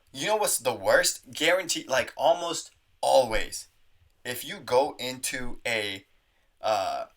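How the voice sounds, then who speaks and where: Profane, animated young man ranting. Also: a little high. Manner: animated, profane, jumps into mocking voices. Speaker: podcast host. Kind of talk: casual comedic rant.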